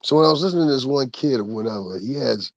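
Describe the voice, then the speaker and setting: A man's voice: mid-range voice, lively intonation, fast talker, no echo, dull audio. A man giving a heated, profane, casual commentary rant with laughing asides. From Connecticut, USA. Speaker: commentary host.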